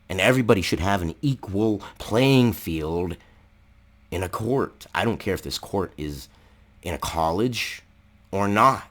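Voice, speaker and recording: A man's voice: deep voice, breathy edge. A man ranting angrily in a vlog, swearing heavily, raising his voice and firing off rhetorical questions. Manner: profane, heated, shouting at times. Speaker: political commentary vlogger. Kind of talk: angry ranting commentary.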